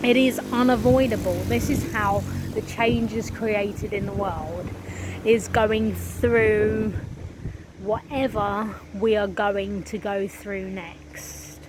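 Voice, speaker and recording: A woman's voice: mid-range voice, steady tone, slow, background noise. A woman speaking in a casual spiritual monologue, earnest and drawn out, swearing freely. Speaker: spiritual vlogger.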